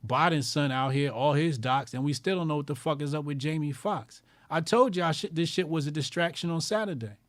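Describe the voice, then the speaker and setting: A man hosting a call-in show, ranting in loud, profane, mocking bursts and repeating lines for emphasis. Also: a little high, fairly quick, hardly any pauses, dry recording.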